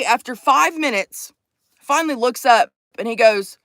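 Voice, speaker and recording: A woman telling a profane, animated story to her vlog audience, acting out the people in it. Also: sits high, measured pace, no echo. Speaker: vlogger. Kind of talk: casual storytime chat.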